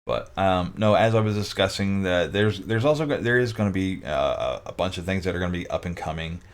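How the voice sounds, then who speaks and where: A man's voice: low-pitched, lively intonation, a little fast. A man hosting his own live-stream talk show, chatting casually with viewers, full of restarts and jokey asides.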